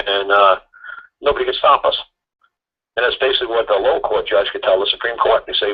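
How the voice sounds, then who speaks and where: Talk radio host, man, husky voice, lo-fi sound, talks fast and rambles, mimicking people as he goes. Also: medium pitch. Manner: rambling, laughing, acts out quotes. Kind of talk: casual talk radio rant.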